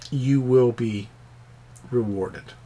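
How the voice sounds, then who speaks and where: A man voicing a polite, formal woman who leads a council, in a low, quiet tone. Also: drawn-out words.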